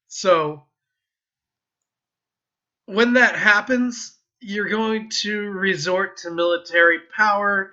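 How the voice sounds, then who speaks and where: A young American man talks through his political views while playing a game, rambling and stopping to chuckle or fix his words. His voice is very bright and a little high for a man, recorded on a dull, lo-fi home mic. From United States. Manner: rambling, self-interrupting, with chuckles. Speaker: gaming vlogger giving political opinions. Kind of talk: casual rambling commentary while gaming.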